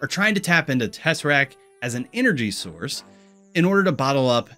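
Brief: man, Missouri accent, scripted movie commentary, wry and sarcastic, soft music bed. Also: medium pitch, big pitch swings, a little fast. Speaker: YouTube film commentator. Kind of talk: scripted video-essay commentary.

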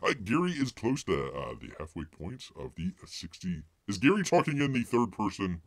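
A man's voice: fairly low pitch, very animated, normal speed, no echo, studio quality. A man hosting a casual live stream, rambling with lots of filler words and calling himself by name in the third person. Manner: folksy, heavy use of filler words.

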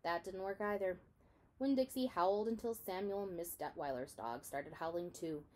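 A woman reading a children's novel aloud in an expressive storytelling manner. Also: fairly low pitch, moderate pace. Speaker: reader.

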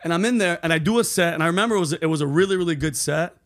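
Brief: male podcast host, loose profane storyteller, a bit high-voiced. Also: rapid-fire. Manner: profane, animated storyteller, says bro and dude.

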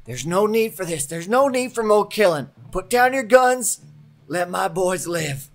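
A man's voice: on the high side, steady tone, a little fast, soft background music, pitched above the performer's own voice, lightly acted. A man voicing a weary town marshal in a Western tabletop game, calling out in a raised, pleading voice. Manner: pleading, then defiant shouting. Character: weary middle-aged male town marshal, protective father.

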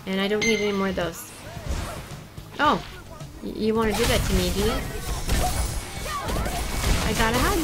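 A woman chatting casually and excitably with her viewers while she plays a game on a livestream. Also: medium pitch, moderate pace, long pauses, music in the background, low-quality recording. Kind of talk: casual gaming livestream chat.

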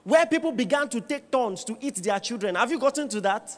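A man preaching a sermon as pastor, firing rhetorical questions at the congregation and building to shouts. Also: very high voice, fairly quick. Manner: animated preaching with rising shouts and bursts of laughter.

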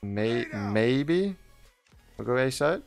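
A man's voice: medium pitch, lively intonation, drawn-out words, vocal fry. A young man giving casual, jokey commentary over his own mobile shooter gameplay. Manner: chatty, jokey, laughs often at teammates and enemies. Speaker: mobile gaming YouTuber. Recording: music playing faintly behind.

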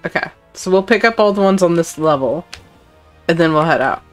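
A woman's voice: lowish voice, lively intonation, brisk, soft background music. A woman streaming a video game, chatting casually in a playful, giggly way and reading game text aloud. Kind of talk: casual gameplay commentary.

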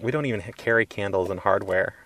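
A man playing a store clerk on a prank call, deadpan and insulting, heard over a phone line. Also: fairly low pitch, fast. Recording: tinny noisy phone line.

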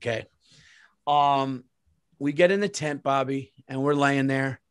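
A man's voice: mid-range voice, steady tone, a little slow, smooth, dry recording, studio quality. A man hosting a podcast, telling a comedic story with profanity and acted-out quotes. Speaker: podcast host.

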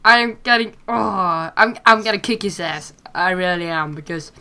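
A woman giving casual commentary over her own gameplay, excitable and quick to swear when frustrated. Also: fairly low pitch, clean tone. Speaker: gamer commentating her play.

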